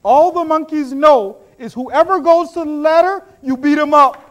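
A man preaching a sermon, telling stories with animated swings between loud bursts and low hushed asides. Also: moderate pace.

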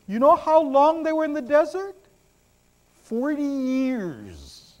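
A male preacher with a strikingly high voice delivers a sermon. His pitch swoops widely as he shifts from loud, excited bursts to low, hushed asides. The telling is animated and story-driven.

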